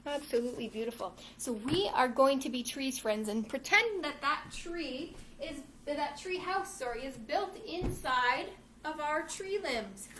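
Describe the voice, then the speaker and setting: High-voiced woman teaching yoga to kids. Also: expressive, a little slow, a little hiss or hum. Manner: encouraging, addresses kids as friends, acts out the story's shouts. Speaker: children's yoga instructor. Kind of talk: reading a storybook aloud while leading kids' yoga. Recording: echoey room from some distance.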